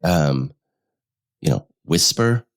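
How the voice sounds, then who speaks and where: Middle-aged man, marriage therapist and podcast co-host, deep voice, animated storyteller, a little under the weather. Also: takes it slowly. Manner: animated, acts out couples' dialogue when explaining. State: sick. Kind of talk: casual conversational podcast chat.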